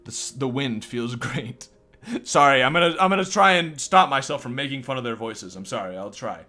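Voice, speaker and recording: A man's voice: mid-range voice, expressive, normal speed, sharp tone. A man streaming a game, joking, swearing and laughing as he comments. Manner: joking, profane, laughs often. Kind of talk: casual live-stream commentary.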